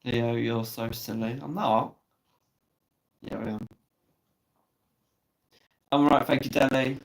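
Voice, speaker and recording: A man's voice: mid-range voice, steady tone, slow, creaky, low-quality recording. A man hosting a casual live stream, chatting and teasing viewers and swearing freely. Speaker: livestream host. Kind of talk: casual live chat reading comments.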